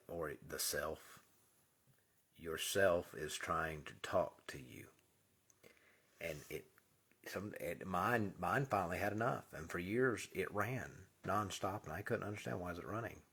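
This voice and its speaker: A man's voice: deep voice, fairly bright tone, breathy edge. A man giving an earnest, casual spiritual monologue as host, often dropping to a whisper for emphasis.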